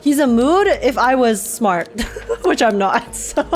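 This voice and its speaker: A woman streamer reacting to a game, reading the story text aloud and gushing with giggles. Her voice sits a bit high. Faint game music plays behind her. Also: sing-song, slow pace.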